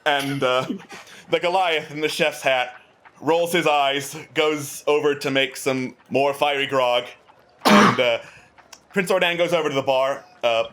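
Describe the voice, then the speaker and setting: A man's voice: on the high side, measured pace, fairly bright tone. A man narrating a tabletop game as game master, chatty and full of fillers.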